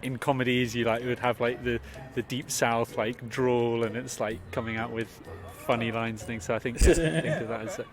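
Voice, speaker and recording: A man from England answers questions outdoors on an urban street, chatty and loose, filling gaps with likes. His voice sits at an ordinary middle pitch. Clear music runs over the recording. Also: fairly even intonation, brisk. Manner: chatty, filler-heavy. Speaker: street interviewee. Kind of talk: casual street interview answer.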